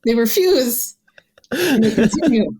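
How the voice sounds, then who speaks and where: A woman's voice: on the high side, lively intonation, a little slow, a little mellow. Chatty woman with a light American accent. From United States. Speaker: podcast guest. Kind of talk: casual conversation.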